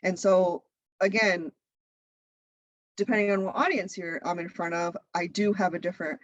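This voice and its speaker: A woman in her thirties, a guest chatting in a casual interview, lively and laughing often. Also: on the low side, normal speed, no echo, highs cut off. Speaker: guest, content creator.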